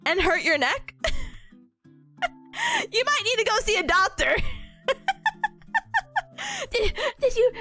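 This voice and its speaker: A young woman streaming a study session, chatting casually with her viewers, laughing often and rambling between stories. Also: very high voice. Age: young adult. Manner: laughs often, talks to chat, lively and rambling. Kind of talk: casual live-stream chat.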